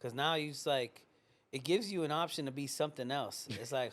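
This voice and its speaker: A man's voice: medium pitch, brisk, fairly bright tone. A man talking as a podcast guest in loose, rambling casual chat, joking and swearing now and then.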